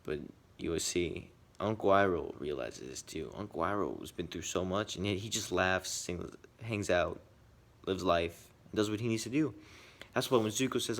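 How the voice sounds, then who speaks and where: A man giving earnest personal commentary, swinging between quick bursts and quiet, reflective asides. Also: low voice, lively intonation, gravelly. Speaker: video essayist.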